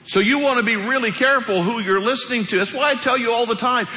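A male pastor preaching a sermon in a church sanctuary. He speaks in a colloquial, animated way and acts out the voices he quotes. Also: very high voice, a little fast, hardly any pauses. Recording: echoey hall reverb.

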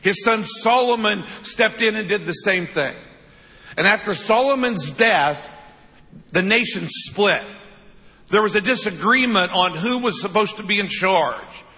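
A man's voice: sits high, lively intonation, measured pace, bright, forceful tone, big-room sound. A man in his fifties preaching a sermon, telling stories with self-deprecating humor and frequent "right?" asides. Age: 50s. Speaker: pastor.

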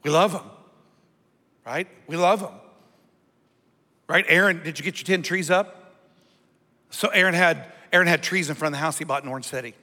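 A man preaching to his congregation in a high, bright voice, drawing call-and-response from them as he goes. His sermon rings through a hall with a long reverb. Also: moderate pace, pauses often. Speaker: pastor.

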